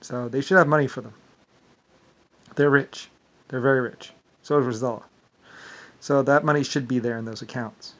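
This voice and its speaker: A man's voice: mid-range voice, fairly even intonation, moderate pace, pauses often, a bit bright. A man talking in a rambling monologue, repeating himself, stumbling over words and swearing indignantly. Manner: repetitive, stumbling, filler-heavy; profane and indignant. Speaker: vlogger.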